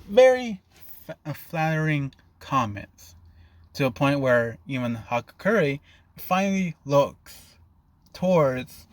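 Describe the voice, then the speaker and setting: A man's voice: mid-range voice, no echo. A man narrating an improvised fan fiction story in a loose, rambling way, often stopping to rephrase.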